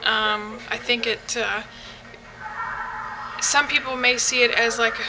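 A woman's voice: fairly high pitch, fairly even intonation, takes it slowly, low-quality recording. A young woman from the United States giving a casual video response, hesitant, with many ums and restarts. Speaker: vlogger.

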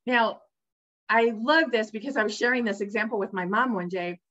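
A woman with a fairly high voice gives an emphatic, upbeat motivational talk, speaking straight to the listener as a coach would. The recording is somewhat dull and lo-fi. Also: moderate pace, a bit bright. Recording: dull lo-fi sound.

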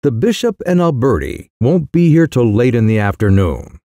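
A man voicing a sly young mischief-maker who delivers outrageous news in a calm, careless, mock-serious way. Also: medium pitch, moderate pace, no echo, clean studio sound. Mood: cool, mock-grave.

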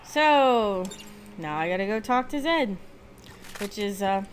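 A woman's voice: mid-range voice, lively intonation, slow pace, a little hiss or hum. A woman with a slight lisp giving casual, rambling commentary while playing a video game. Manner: chatty, rambling, self-deprecating. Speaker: let's play gamer. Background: game music.

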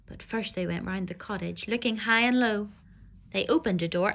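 A woman, a primary school teacher, reading a rhyming fairy tale aloud to young children in an expressive, sing-song way. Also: mid-range voice, moderate pace.

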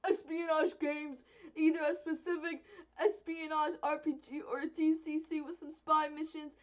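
A woman's voice: high voice, level tone, moderate pace. A woman co-hosting a casual tabletop-game podcast, reading out listener questions. She giggles often and stumbles over words.

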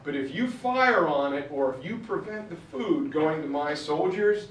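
A man's voice: a little high, lively intonation, normal speed, slight background noise. A man giving a storytelling history lecture, acting out the quotes with shifting voices. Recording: roomy far-off mic recording.

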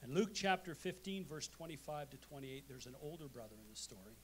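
A man's voice: medium pitch, a little fast, slight background noise. A male pastor preaching a sermon to his congregation, emphatic, often asking "amen?". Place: church sanctuary.

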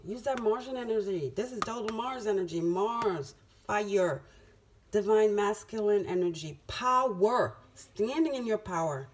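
A woman's voice: medium pitch, normal speed, slight background noise. Emphatic woman giving a tarot reading. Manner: emphatic, repeats phrases for effect. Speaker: tarot reader. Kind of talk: casual spiritual tarot reading.

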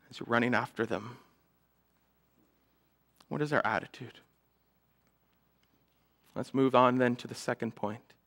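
A man, a pastor, preaching a sermon in a church, earnest, building up louder and then falling to a hush. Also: mid-range voice.

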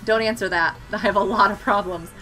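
A woman live streaming a game, excitable and chatty, laughing and yelling at what happens on screen. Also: medium pitch, a little fast, music in the background.

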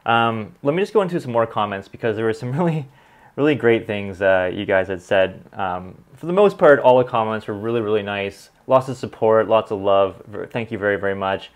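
Laid-back, lower-voiced man hosting a whiskey vlog. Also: fairly quick. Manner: relaxed, filler-heavy, good-humored. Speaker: whiskey reviewer and channel host. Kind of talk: casual vlog chat reading viewer comments.

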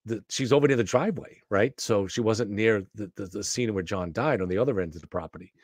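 Skeptical man commenting, low dry voice. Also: fast talker, no room sound. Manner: questioning, skeptical. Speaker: commentary host. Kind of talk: commentary on a played clip.

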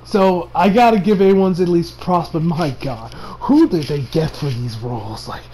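A man's voice: a little high, normal speed. A young man from the United States talking casually in an anime review, rambling with lots of fillers and bursts of laughter. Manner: laughs a lot, excitable.

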